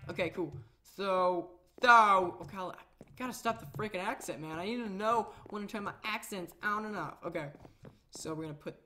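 A chatty woman commentates her own gameplay in a loose, rambling way, often poking fun at herself. Her voice sits at an ordinary middle pitch. A faint hiss of noise sits behind her. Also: brisk, a bit bright. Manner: chatty, rambling, self-mocking. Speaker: Minecraft let's-play host.

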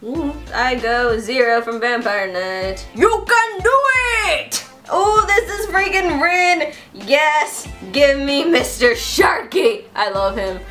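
A young woman vlogger with an excitable, profane, playful way of talking, taking a quiz and joking through it. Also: high-pitched, faint music behind. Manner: excitable and profane, swearing constantly; playful, quick swings between mock outrage and giggles. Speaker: YouTuber taking an online quiz. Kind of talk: casual vlog commentary.

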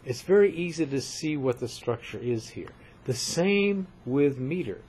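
A man's voice: medium pitch, expressive, a little slow, darkish tone, slightly rough. An older man giving a recorded lecture on poetry, explaining step by step and often checking in with "right?".

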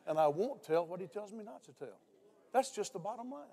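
An older man preaching a sermon to a church congregation, dropping his voice low when he tells stories. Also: expressive, brisk, mellow, breathy edge. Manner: storytelling preacher, voice drops low for quoted speech. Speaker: pastor. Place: church sanctuary.

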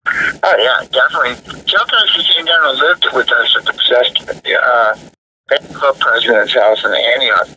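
Male interview guest, sharp bright tone, rambles and restarts, set back from the mic. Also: medium pitch, normal speed, breathy edge, recorded from a distance, poor audio. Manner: rambling, many fillers and restarts. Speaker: guest musician, death metal vocalist. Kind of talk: casual interview talk.

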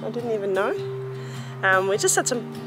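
An upbeat young travel vlogger chats casually to a handheld camera outdoors at a beach and a busy reptile park, laughing often and sometimes talking to her toddler. Her fairly high, sing-song voice moves at a normal speed over background music, and the recording is low quality.

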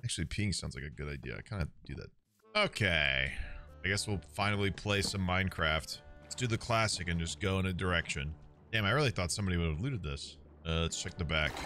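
A man streaming a game, chatting casually to his viewers, excitable and swearing often. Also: deep voice, a little fast, faint music behind. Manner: excitable, swears a lot, talks to chat.

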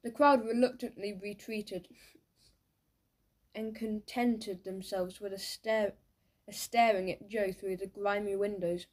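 A woman narrating a children's audiobook in a lively, playful storytelling manner. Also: mid-range voice, takes it slowly.

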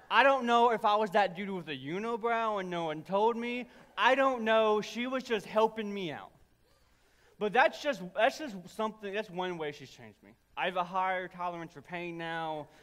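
Young male pastor, sharp bright tone, comic storytelling sermon, long church reverb. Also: high voice. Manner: humorous storytelling, animated and self-deprecating. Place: church sanctuary.

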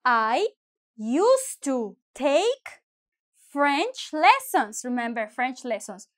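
A woman teaching a bilingual lesson, deliberately, switching between English and with playful asides. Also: high-pitched, big pitch swings. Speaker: Spanish teacher.

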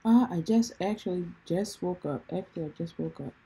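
A woman's voice: fairly low pitch, fairly quick, creaky, mellow, slightly rough. A woman vlogger in a casual video chat with strangers, teasing and playful. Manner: teasing, playful, slips into mock crying. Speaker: vlogger chatting with strangers online.

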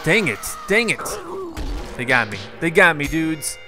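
A young man giving excitable live commentary on a video game, talking to his viewers with jumpy exclamations. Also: fairly high pitch, unhurried, loud music behind the voice. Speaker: gaming YouTuber.

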